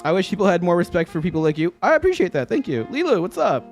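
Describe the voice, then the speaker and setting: A man's voice: high voice, big pitch swings, fast talker, faint music behind. A young man livestreaming from home, chatting loosely with viewers, laughing often and swearing casually. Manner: laid-back, swears often, laughs a lot. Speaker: livestreaming guitarist. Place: home room.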